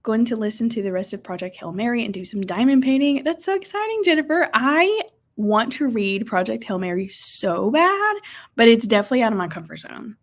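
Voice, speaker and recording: Chatty livestream host, young woman, animated comment reader. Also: on the high side, fairly quick. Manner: bubbly, reads viewer comments aloud and reacts. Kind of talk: casual livestream chat reading comments.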